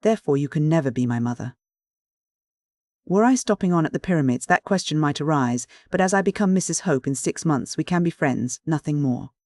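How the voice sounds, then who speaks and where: A reader speaking as a young woman in a classic mystery audiobook, cool and blunt with her neighbor. The voice sits at a middle pitch. The recording is dry and close. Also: animated, a little fast, darkish tone, dry recording, natural voice. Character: cool, frank young woman, engaged to be married. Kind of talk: audiobook dialogue reading.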